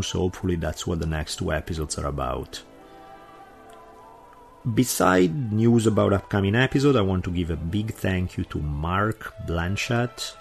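A man's voice: low voice, vocal fry. A man with an Italian accent hosting a podcast, chatting informally and thinking aloud as he wraps up an episode. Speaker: podcast host. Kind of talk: solo podcast outro.

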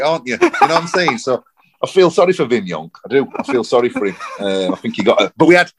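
A man, rambling and animated in casual football chat on a podcast. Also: medium pitch, quick pace, a little hiss or hum. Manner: rambling, animated, repeats himself. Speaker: podcast co-host.

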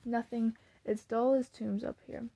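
A woman's voice: fairly high pitch, little pitch movement, unhurried, vocal fry, dark tone, husky, full character voice. A woman voicing a shy teenage boy who is sick with a cold, giving short, glum answers.

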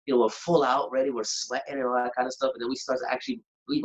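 A singer and performer telling a story in a lively, animated way, acting out moments and humming bits of songs. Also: male voice, mid-range voice, rapid-fire. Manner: animated, acts out moments, sings snippets. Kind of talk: casual storytelling. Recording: dull lo-fi sound.

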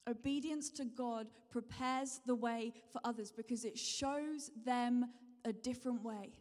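A woman preaches to her congregation, circling back to her points again and again and asking them questions as she goes. Her voice sits a little high. The sound rings out with the long reverb of a large hall. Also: fairly even intonation, unhurried, a little mellow. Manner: repetitive, encouraging, asks the congregation questions. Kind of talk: sermon.

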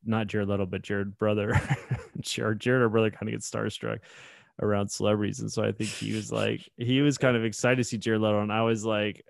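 A man's voice: on the low side, level tone, fairly quick, gravelly, no echo, studio quality. A man co-hosting a podcast, telling a rambling anecdote in casual chat, with many restarts and bursts of laughter. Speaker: podcast co-host.

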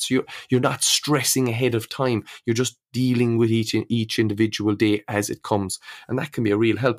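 Low, flat-voiced fitness coach. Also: male voice. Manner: repeats words, coaching tone, addresses listeners as guys. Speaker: fitness coach and podcast host. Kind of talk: solo podcast advice.

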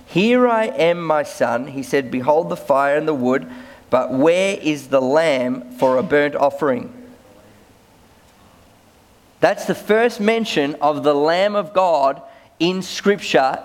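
A man preaching a sermon as a pastor, conversational, often repeating words as he starts sentences. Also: on the high side.

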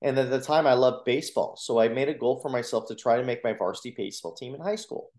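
A man, a motivational coach and speaker, earnestly telling his personal story in a podcast interview, with lively retellings of what people said. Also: mid-range voice, fast talker. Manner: earnest, animated retelling with acted quotes. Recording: roomy echo.

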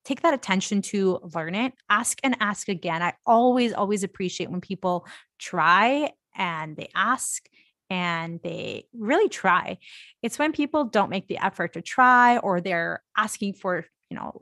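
A woman's voice: mid-range voice, expressive, measured pace, a bit bright, no room sound, clean studio sound. A woman from India, a guest on a podcast, explaining things candidly. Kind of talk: podcast interview.

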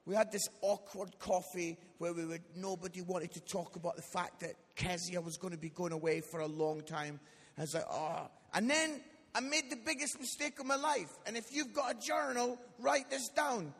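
Scottish preacher in his forties, comic storyteller, husky and high, live church recording with hall echo. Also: moderate pace, a bit bright. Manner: jokey, tags lines with "yeah?", acts out quotes. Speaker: guest preacher. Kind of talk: humorous storytelling sermon.

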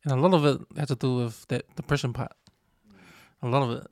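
A man, co-hosting a podcast in casual chat, talking quickly with stumbling restarts. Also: medium pitch, steady tone, a little mellow, no echo, clean studio sound. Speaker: podcast co-host.

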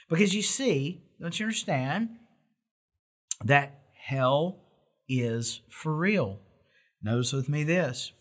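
A man's voice: a little high, fairly bright tone, husky. A middle-aged man preaching a sermon in an earnest, emphatic way, with rhetorical questions and frequent restarts. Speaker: pastor.

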